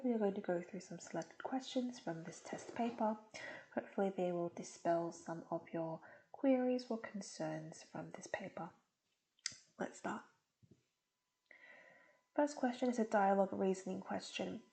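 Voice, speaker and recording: A woman's voice: mid-range voice, moderate pace, gravelly, warm tone, poor audio. A woman tutor explaining test questions patiently, step by step.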